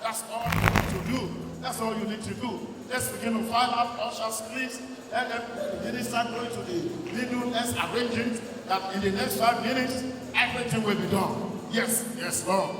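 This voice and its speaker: A man's voice: very high-pitched, moderate pace. A Nigerian man with a commanding, repetitive manner, leading prayer as a pastor in a large church. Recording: echoey hall with crowd noise.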